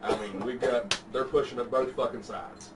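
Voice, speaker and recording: A man's voice: medium pitch, steady tone, moderate pace. A man telling a story in casual chat, laid-back and profane. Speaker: podcast host telling a story. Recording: distant mic with background noise.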